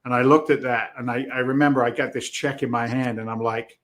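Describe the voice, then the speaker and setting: A middle-aged man with a Boston accent, talking at an average pitch on a podcast. He tells his stories with energy, acts out quoted dialogue and swears freely in a casual way. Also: steady tone, brisk, hardly any pauses. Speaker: podcast guest, real estate investor. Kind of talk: animated storytelling in conversation.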